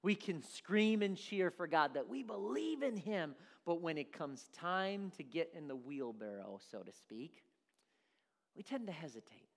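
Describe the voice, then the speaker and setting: Man, preacher, sermon, animated storytelling, very lively pitch. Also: normal speed. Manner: animated, acts out voices in stories.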